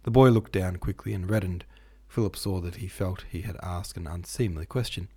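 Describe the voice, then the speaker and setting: A man reading a classic novel aloud as a podcast audiobook narrator, in a measured, steady way. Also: low-pitched, husky.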